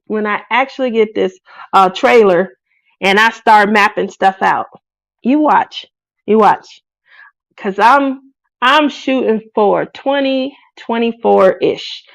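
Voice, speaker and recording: A woman's voice: a little high, dry recording. A woman, hosting a craft live stream in casual chat, playful and laughing often as she reads out comments. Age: 40s. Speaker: craft channel host.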